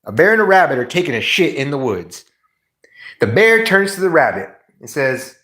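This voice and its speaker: Animated man chatting on a livestream. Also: on the high side, moderate pace. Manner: animated, laughing, reciting comedy bits. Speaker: livestream host. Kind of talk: casual livestream chat. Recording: roomy echo.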